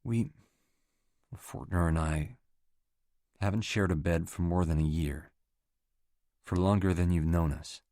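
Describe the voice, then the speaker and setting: A man's voice: low voice, unhurried, long pauses, dark tone, dry recording, studio quality. A man reading the part of a hurt, defensive young woman in an audiobook. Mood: quiet.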